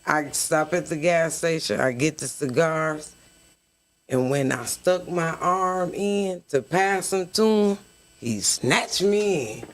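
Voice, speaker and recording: A woman tells her own story on a podcast in a relaxed, conversational way. She is animated and slips into quoted voices as she recounts what was said. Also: low voice, takes it slowly. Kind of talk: casual storytelling.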